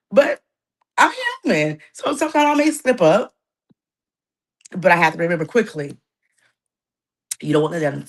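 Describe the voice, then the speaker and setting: A woman's voice: fairly low pitch, a bit bright. Earnest woman talking about parenting. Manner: earnest, conversational, asks "right?" often. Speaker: workshop speaker on parenting communication. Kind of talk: informal talk to parents.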